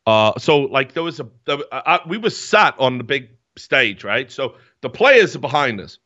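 A man's voice: mid-range voice, very animated, moderate pace, pushed and bright, no echo. A young man telling rambling, profane stories in a casual chat as podcast host. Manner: rambling, profane storytelling with many fillers. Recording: dull, dry lo-fi mic.

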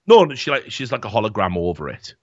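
A man hosting a podcast, reading news stories aloud in casual, animated chat and swearing freely. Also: fairly low pitch, fast talker, no room sound, muffled recording. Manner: animated, swearing, laughing often. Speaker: podcast host.

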